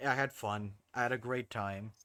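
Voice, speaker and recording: A man's voice: mid-range voice, steady tone, moderate pace, sharp tone, clean tone, dry recording, studio quality. A man hosting a casual live stream, chatting in a rambling, self-deprecating way. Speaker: streamer hosting a group playthrough.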